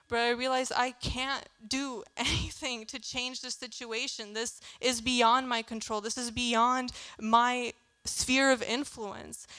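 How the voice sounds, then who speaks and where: A woman's voice: fairly high pitch, bright, forceful tone, clear, resonant tone, no room sound. A young woman giving a candid, chatty youth sermon in a church, laughing often as she talks. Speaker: youth speaker.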